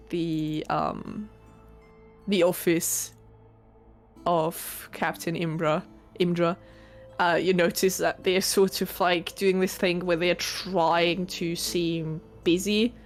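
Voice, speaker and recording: Slow-talking woman game master. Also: on the low side. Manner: unhurried, hesitant, many ums and likes. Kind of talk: narrating a tabletop game.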